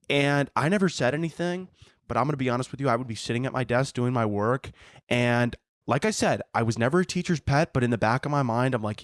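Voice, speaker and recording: A man's voice: mid-range voice, fast, no room sound, clean studio sound. A man hosting a podcast, telling a rambling comedic story with swearing and frequent laughter. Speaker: podcast host. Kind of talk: comedic monologue.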